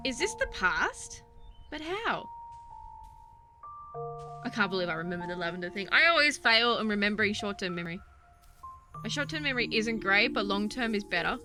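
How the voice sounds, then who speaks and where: A woman's voice: medium pitch, sing-song, brisk, pauses often, pushed and bright. A young woman chatting through a game playthrough, easily spooked and joking, with game music behind her. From Australia. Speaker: gaming streamer. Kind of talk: let's play commentary.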